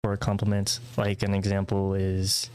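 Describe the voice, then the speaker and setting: A man co-hosting a podcast in casual chat, explaining in a relaxed way with lots of fillers. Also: deep voice, normal speed, clean tone, no echo. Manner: relaxed, explains with many fillers and repeats "pretty much". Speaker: podcast co-host.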